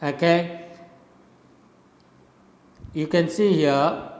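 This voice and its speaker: A man's voice: on the high side, very slow, a little mellow. A middle-aged man with an Indian English accent, teaching English literature in a recorded lecture, explaining carefully and checking with "okay?". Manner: explanatory, repeats points, frequent "okay?". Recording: roomy echo with long reverb.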